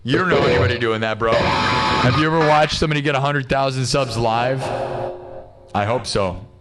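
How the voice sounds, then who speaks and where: A male livestream host talks over loud music at a medium pitch and normal speed. Chatting casually, he rants in exasperation, tossing in plenty of "dude" and "bro."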